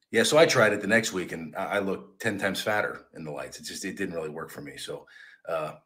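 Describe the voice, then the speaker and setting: A man's voice: deep voice, normal speed. A man who played as a football long snapper, telling a casual story and often checking in with "right?". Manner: animated, chatty, says "right?" a lot.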